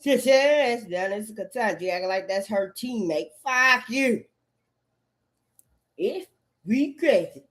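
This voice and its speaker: A woman's voice: mid-range voice, animated, slow, pauses often. A woman in a rambling, profane monologue, full of cursing and repetitive outbursts.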